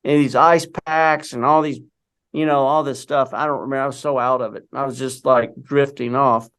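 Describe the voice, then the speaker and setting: A man's voice: mid-range voice, fairly even intonation, normal speed, a bit bright, clean tone. An older man, an interview guest, recounting a story in a rambling conversational way, peppered with "you know".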